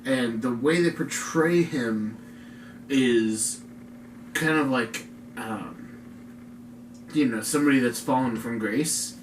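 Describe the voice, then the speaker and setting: A man's voice: medium pitch, slow pace, pauses often. A man chatting casually as a podcast co-host, rambling and laid-back, filling his talk with "like". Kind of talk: casual chat. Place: room in a home. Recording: echoey room, distant mic, faint noise.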